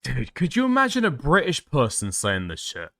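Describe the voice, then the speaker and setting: A man with a bright, forceful voice talks over clips on his live stream. He swears freely and comes across as sardonic and exasperated. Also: mid-range voice, huge pitch swings, moderate pace. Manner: profane, exasperated, sardonic outbursts. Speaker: streamer reacting to videos. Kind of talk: live-stream reaction commentary.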